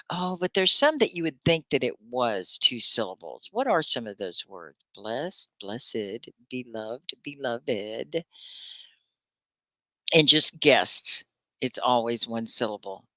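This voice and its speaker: Lively woman teaching English live. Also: extremely low pitch, dry recording. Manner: animated, greets viewers by name, asks many questions. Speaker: ESL teacher hosting a live stream. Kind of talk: live online English lesson.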